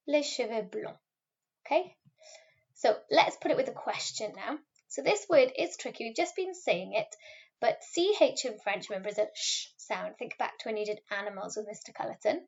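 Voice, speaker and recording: A woman's voice: on the high side, lively intonation, gravelly. Patient woman teaching French, lo-fi. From Wales. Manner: patient, slow modelling of French words for pupils to repeat. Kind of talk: recorded classroom video lesson. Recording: slightly dull, lo-fi recording.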